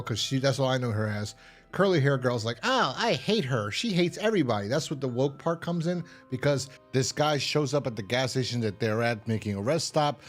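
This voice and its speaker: A man hosting a casual film review, rambling through a plot recap with many restarts and quick imitations of characters. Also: medium pitch. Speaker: host.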